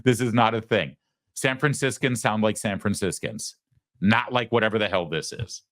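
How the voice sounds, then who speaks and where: A man's voice: fairly low pitch, moderate pace, fairly bright tone, no echo, clean studio sound. A man hosting a show, giving opinionated political commentary with frequent stammered restarts. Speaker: host.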